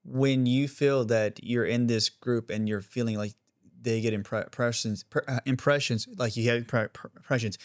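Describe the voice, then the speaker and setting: A man's voice: medium pitch, fairly even intonation, moderate pace, no echo. Man, podcast host, brief reactive interjections, dry close-miked sound. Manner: short, reactive interjections and questions. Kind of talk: casual interview.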